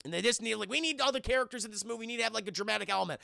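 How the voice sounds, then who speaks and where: Young male streamer recapping a film, high gravelly voice, bright edge, swearing and mimicking characters. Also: racing, no echo, studio quality. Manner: animated, swears a lot, mimics characters, addresses chat constantly. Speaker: film reviewer streaming to chat. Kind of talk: excited profane movie recap.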